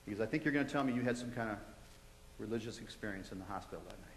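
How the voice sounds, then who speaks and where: An American man giving a testimony to a live audience, telling his story in a lively, conversational way with quoted dialogue. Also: fairly low pitch, rapid-fire, a little hiss or hum. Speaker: guest speaker giving testimony. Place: large college hall. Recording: echoey hall with long reverb.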